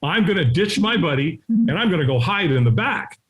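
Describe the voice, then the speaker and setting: A middle-aged man telling a story as a podcast guest. His talk is punchy and animated, he often ends sentences with "right?", and he acts out the people in his story with quick shifts of voice. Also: high voice, rough recording. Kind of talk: storytelling in a conversational interview.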